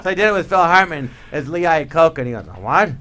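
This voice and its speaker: A man with a fairly high voice tells a story as a guest on a radio show. His pitch leaps up and down as he acts out the people in it and laughs along the way. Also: fast talker. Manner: animated, laughing storyteller who acts out quotes. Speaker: comedian guest. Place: radio studio.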